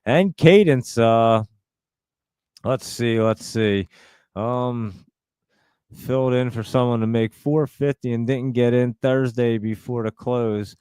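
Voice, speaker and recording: This mid-range, slow male voice has a darkish, clear and resonant tone, captured with clean studio sound and no room noise. He hosts a live stream, chatting casually and rambling as he reads viewer comments aloud and responds to them.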